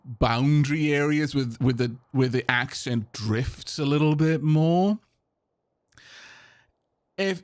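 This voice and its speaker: Chatty South Welsh man, lively voice. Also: mid-range voice, no echo. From Wales. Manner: rambling, chatty, frequent restarts and self-corrections. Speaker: streamer. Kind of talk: casual let's play chat with stream viewers.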